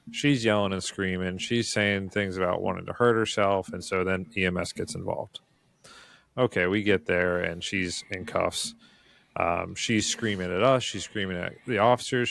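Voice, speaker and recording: Brief: male paramedic on a podcast, very low voice with gravelly fry, calm storyteller. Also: moderate pace. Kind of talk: casual podcast chat.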